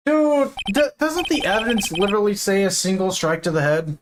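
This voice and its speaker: Over music, a woman with a mid-range voice talks at a normal speed, barely pausing. She's doing a relaxed let's-play of a story game, cracking jokes, swearing, and reading the characters' lines aloud.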